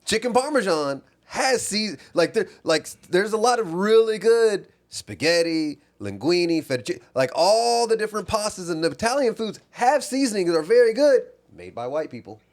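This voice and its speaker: A man's voice: high-pitched, big pitch swings, normal speed, hardly any pauses. Rambling, self-correcting podcast co-host man. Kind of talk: casual comedy podcast banter.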